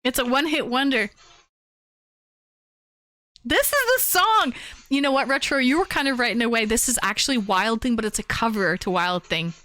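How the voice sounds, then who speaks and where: A young woman hosting a live-streamed call-in show, chatting casually and getting excited as she talks. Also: on the high side, moderate pace, pauses often, dry recording. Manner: excitable, chatty, bursts into shouting and humming beats.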